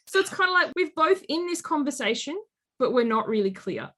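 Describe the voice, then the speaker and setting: A woman in her late thirties, a life coach telling stories in an interview and acting out quoted speech with lively energy. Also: high voice, fairly quick. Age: late 30s. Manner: animated storyteller, acts out quotes. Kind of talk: conversational interview.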